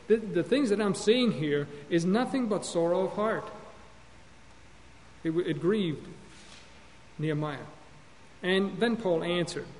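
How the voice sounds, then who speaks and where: Here a man speaks at a fairly high pitch with a somewhat dark tone, teaching a sincere Bible class on counseling in the manner of a sermon. He often circles back to repeat or fix what he said, and the audio carries a long hall echo plus a slight hum.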